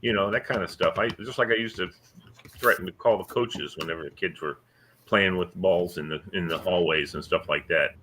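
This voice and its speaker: A man's voice: normal speed, a little hiss or hum. An older man, a podcast host and former school coach, telling stories in casual chat and acting out the kids he quotes. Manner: animated storyteller acting out quoted kids in a higher voice.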